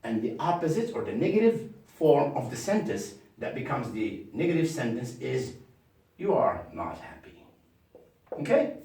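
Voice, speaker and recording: A man teaching a beginner language lesson, slowly repeating example sentences again and again. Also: medium pitch, sing-song, warm tone. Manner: slow repetitive drilling of example sentences. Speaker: English teacher. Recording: very echoey room, mic far off.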